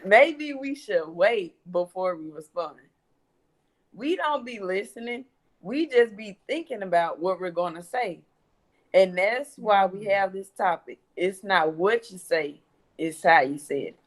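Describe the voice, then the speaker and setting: A woman's voice: medium pitch, unhurried. A young woman, speaking as a guest daughter on a church panel. She tells her story animatedly and acts out her mother's words as she goes.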